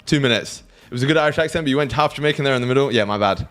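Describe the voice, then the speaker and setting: A young British man chats casually with his livestream audience while trading, cracking jokes and swearing freely. His voice sits at an ordinary pitch for a man. Faint music plays underneath. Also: very fast, a bit bright. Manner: banters with chat, swears freely, laughs often. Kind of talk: casual livestream chat with viewers.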